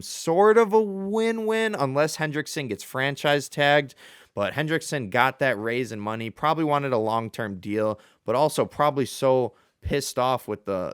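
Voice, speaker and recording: A man's voice: medium pitch, clear, resonant tone, no echo, clean studio sound. A young man hosting a casual solo sports show, chatty and jokey, with fillers and self-corrections. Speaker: sports podcast host.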